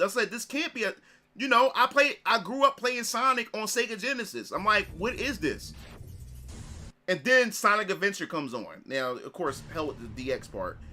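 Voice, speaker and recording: High-voiced, excitable male gaming streamer. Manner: excitable, repetitive, swearing, restarts often. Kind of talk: casual reminiscing commentary.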